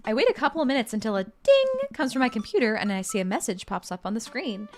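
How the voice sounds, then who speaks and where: A woman's voice: a little high, big pitch swings, fast talker, few pauses. Young woman, streamer, casual game commentary, playful, reads text aloud, faint music behind.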